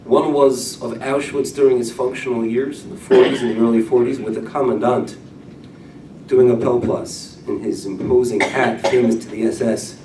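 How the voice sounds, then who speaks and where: A middle-aged rabbi giving a sermon-style Torah class, telling stories with loud emphasis that drops to a hush. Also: male voice, medium pitch, fairly even intonation, normal speed, noisy background. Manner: storytelling, wide swings from loud emphasis to hushed. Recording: echoey room, mic at a distance.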